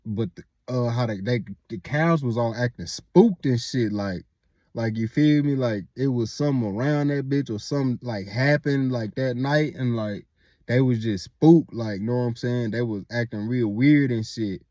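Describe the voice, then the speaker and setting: A man's voice: medium pitch, normal speed, dark tone, no echo, dull audio. A young man casually telling a story, rambling and full of filler words and swearing.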